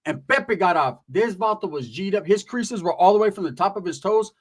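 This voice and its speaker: A man telling a comic story in an animated, profane, slang-heavy way. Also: sits high, brisk. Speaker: comedian.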